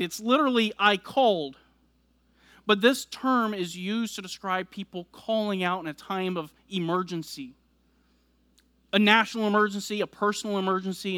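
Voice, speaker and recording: High-voiced male preacher, dry close sound. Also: pushed and bright, dry recording. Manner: expository preaching, building emphasis on verses. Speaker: pastor. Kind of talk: sermon.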